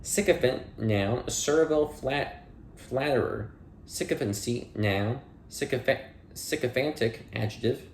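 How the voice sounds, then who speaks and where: A man's voice: medium pitch, measured pace, reverberant, slight background noise. A man reading dictionary entries aloud one by one, with plain delivery, dry asides and small playful slips. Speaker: audiobook reader.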